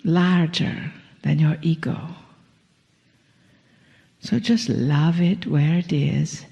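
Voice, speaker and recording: Brief: woman channeler, gravelly edge, slow and soothing with soft whispers, long hall reverb. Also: sits low, lo-fi sound. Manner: speaks as a collective "we", slow and soothing, drifts into whispers, chuckles often. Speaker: spiritual channeler. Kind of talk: channeled spiritual message to a live audience. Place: live venue with an audience.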